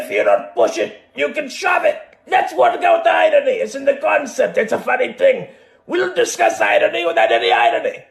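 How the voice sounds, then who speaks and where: A man's voice: very high-pitched, gravelly, echoey room, exaggerated voice. Man singing as a rowdy Scottish bear. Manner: shouted sing-song rap. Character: gruff Scottish male bear, boisterous. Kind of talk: sung comic song.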